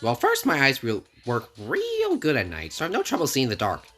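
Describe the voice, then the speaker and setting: A man voicing a gleeful, mischievous robot bear mascot in a squeaky, mocking voice. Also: huge pitch swings, brisk, bright, forceful tone, soft background music. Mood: gloating.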